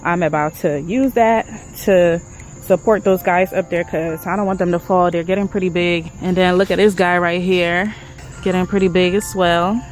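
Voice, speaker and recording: A woman chatting excitedly to her viewers as she walks through her backyard garden. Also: on the low side, normal speed, soft background music, poor audio. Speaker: garden vlogger. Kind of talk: casual garden vlog.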